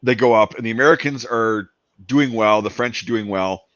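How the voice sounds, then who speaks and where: A man in casual chat, telling a story with lots of energy and quick asides, acting out the people in it and swearing freely. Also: fairly low pitch, dry recording. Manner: excited storyteller, acts out quoted soldiers, swears. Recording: dull lo-fi dry sound.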